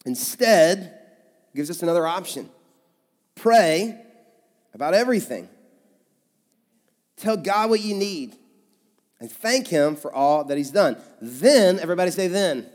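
Man, pastor, high voice, conversational joking sermon, long hall echo. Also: expressive, unhurried, long pauses, darkish tone. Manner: conversational, humorous, acts out quoted voices. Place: large church hall. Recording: reverberant sanctuary sound.

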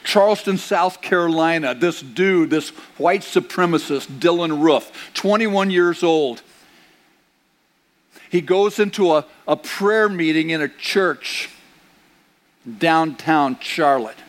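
A man's voice: fairly high pitch, slow pace. An older man, a grandfather, preaching a sermon as pastor in a conversational way, with rhetorical questions and playful asides. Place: church sanctuary.

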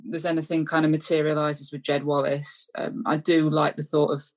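Flat, low-voiced woman. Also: normal speed. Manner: relaxed, agreeable, with fillers. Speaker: panel guest. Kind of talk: casual football chat.

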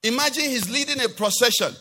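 A man's voice: very high voice, fast, pushed and bright, long reverb tail. A male pastor preaching a sermon, quizzing the congregation with rhetorical questions.

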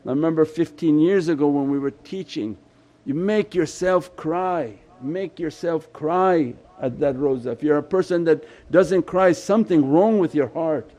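Male Sufi shaykh preaching a sermon: fairly high, mellow voice, impassioned and pleading. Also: moderate pace. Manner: impassioned, pleading, voice swells and drops.

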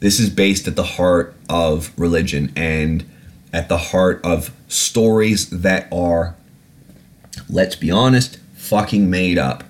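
A man with a low-sitting voice speaks slowly as he hosts a podcast. His casual rant is sarcastic and heavy on swearing, and he repeatedly gets irate before apologizing.

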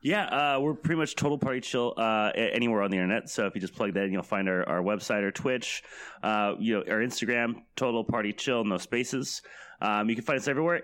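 A man's voice: fairly low pitch, a bit bright. A man, a guest on a podcast and a game master, telling a story in a laid-back way with lots of fillers. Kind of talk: casual podcast chat.

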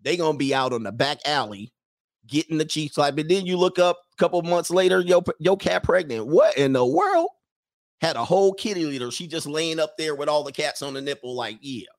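A man's voice: fairly high pitch, fairly quick. Crude, slangy man riffing on his show. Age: 40s or older. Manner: crude, slangy, jokey storytelling that slips into acted voices. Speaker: show host. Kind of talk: casual comedic commentary on a live show.

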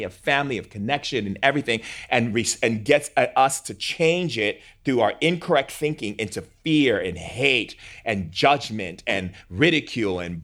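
An earnest man speaks in an interview with a mid-range voice. He is animated, peppers his talk with "like", and slips into acted-out dialogue as he explains. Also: mid-range voice. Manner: animated, earnest, uses "like" a lot, acts out dialogue. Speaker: guest speaking on spirituality. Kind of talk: interview conversation.

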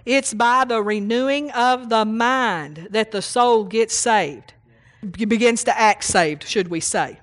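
A woman's voice: on the high side, slow. A woman preaching a sermon, reading scripture and teaching with emphatic repetition and call-outs to the congregation.

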